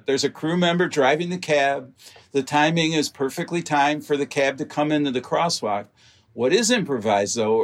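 Man recounting film history anecdotes. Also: mid-range voice. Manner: detailed, anecdotal, with fillers. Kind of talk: interview storytelling.

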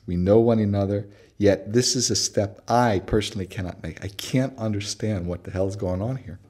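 A man's voice: fairly low pitch, a little mellow, husky. A man being interviewed, telling anecdotes with frequent fillers and acting out quoted dialogue. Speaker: interview guest, researcher. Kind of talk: conversational storytelling interview.

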